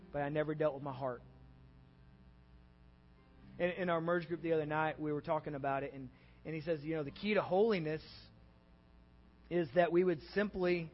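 A man's voice: fairly high pitch, steady tone, moderate pace, long pauses, long reverb tail, dull audio. A man with a Texan accent preaching a sermon as pastor, earnest and conversational, rising in intensity.

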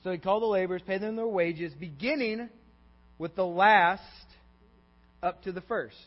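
In a church sanctuary, a pastor with a high-sitting voice preaches an interactive sermon at normal speed, constantly questioning the congregation and checking in with "okay?" and "all right?". The recording is dull and echoey, with mains hum.

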